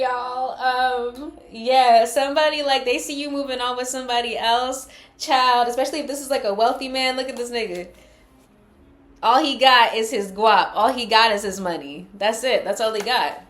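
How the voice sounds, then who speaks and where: A woman's voice: on the high side, moderate pace, fairly bright tone, reverberant. A woman giving a casual tarot reading, chatty, loose and full of profanity. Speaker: tarot card reader.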